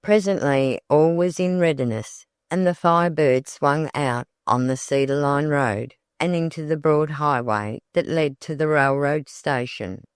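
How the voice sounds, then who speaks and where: A smooth, clear audiobook narrator reading a classic novel in a measured, even way. The recording is close and dry, with no room sound at all. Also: medium pitch, no room sound.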